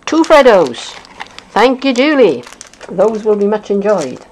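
A woman's voice: mid-range voice, big pitch swings, unhurried, darkish tone, a little hiss or hum, rough recording. A middle-aged woman with a Welsh accent, chatting casually as a craft demonstrator, rambling along with lots of fillers and little chuckles. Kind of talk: casual unboxing chat.

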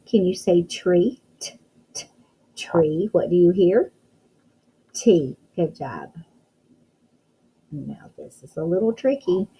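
A woman teaching a phonics lesson to young children, talking in a slow, sing-song, encouraging way and praising often. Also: on the low side, breathy edge, lo-fi sound. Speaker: kindergarten teacher.

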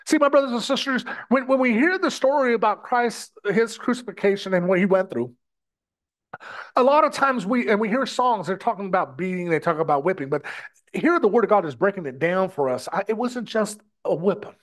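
A man's voice: high voice, animated, fairly quick. A man from the United States preaching a sermon in an impassioned way, often stumbling and repeating his words as he addresses his brothers and sisters.

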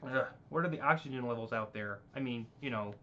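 A man voicing Dave, an impatient father, talking loudly on a dull lo-fi recording. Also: medium pitch, fairly quick, a little hiss or hum, close to an everyday voice. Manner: impatient, loud. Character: Dave, impatient dad driving the team.

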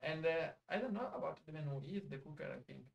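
A man's voice: on the high side, expressive, fast talker, creaky, recorded from a distance. A man with an Italian accent, a friend of the host, joking and stammering through casual chat in English.

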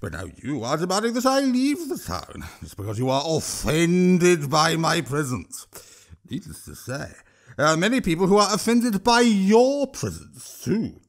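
A man's voice: on the high side, big pitch swings, unhurried, voice pushed up. A man reading an audiobook, voicing an arrogant, insulting male troll with a wet, slurping delivery. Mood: smug, scornful.

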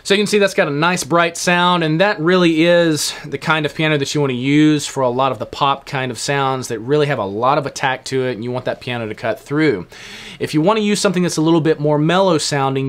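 A man casually walking through piano sounds on a stage keyboard, explaining in a relaxed way with fillers. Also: a little high. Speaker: keyboard instructor. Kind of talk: casual instructional walkthrough.

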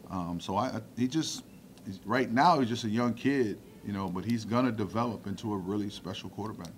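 A middle-aged man with a low voice answers press questions as a football coach. He talks plainly and relaxed, filling pauses with "um" and "you know." A faint hum of the room sits behind him. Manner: relaxed, plainspoken, with frequent fillers. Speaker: football offensive coordinator.

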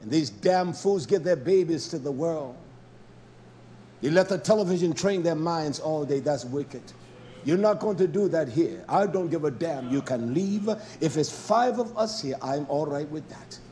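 A man delivers a fiery sermon in a high voice that leaps up and down. He is blunt and scolding, sinking to low mutters, then rising to loud, pressing peaks. A faint noise sits under the recording. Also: animated, moderate pace. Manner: blunt, scolding, with mild cursing. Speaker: preacher.

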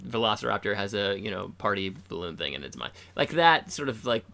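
Gravelly, animated male guest. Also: lowish voice, a little fast. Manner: reflective, rambling with hedges. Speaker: podcast guest. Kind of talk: casual chat.

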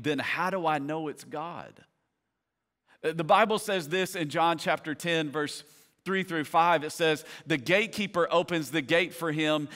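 A man's voice: a little high, a bit bright. A man in his thirties preaching a sermon, moving from easy storytelling to fervent preaching. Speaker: pastor. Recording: reverberant hall.

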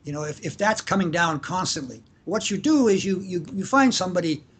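A man's voice: high-pitched, expressive, a little hiss or hum. A man, a family lawyer, answering interview questions casually and acting out examples, often restarting his sentences. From Canada. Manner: acts out shouted examples, halting restarts.

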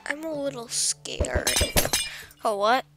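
A woman with a high voice gives unhurried but jumpy gameplay commentary, breaking into startled exclamations and trailing fillers. Loud background music plays under her voice throughout. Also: creaky. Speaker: gameplay video creator.

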